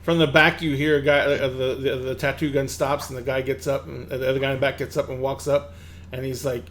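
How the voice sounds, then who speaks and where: A man's voice: mid-range voice, flat delivery, a little fast, crowd noise. A man narrating a tabletop game as game master, rambling with fillers and restarts.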